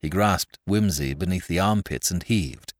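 Male narrator with a low voice and an animated read; dry, close recording. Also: measured pace, no echo. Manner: lively dramatic reading. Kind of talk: audiobook narration.

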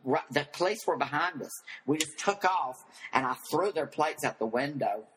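An older man as an interview guest, telling animated stories and acting out the voices of the people in them. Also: on the high side, normal speed, slight background noise, low-quality recording. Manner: flamboyant storyteller who acts out quoted voices.

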